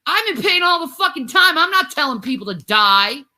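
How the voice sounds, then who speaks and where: A woman's voice: high voice, very animated, normal speed, pushed and bright. A woman ranting angrily at her husband, profane and bitter. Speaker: livestreamer. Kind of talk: angry rant.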